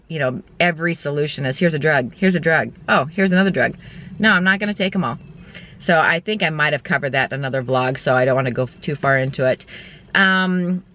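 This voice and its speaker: Woman vlogger with a bright, forceful voice. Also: low-pitched. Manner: candid, rambling storytelling. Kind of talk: casual chat. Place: inside a car.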